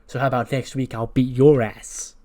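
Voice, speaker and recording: A man's voice: medium pitch, flat delivery, moderate pace, dark tone, natural voice. A man voicing a weary veteran male wrestler who talks hesitantly and stammers.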